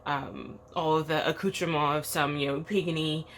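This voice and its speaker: Casting: woman, low voice, groggy morning vlogger, blunt and chatty, faint background hum. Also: fairly even intonation, normal speed, fairly bright tone. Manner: blunt, chatty, rambling with fillers. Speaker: tarot vlogger. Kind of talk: casual morning vlog. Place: outdoor treehouse.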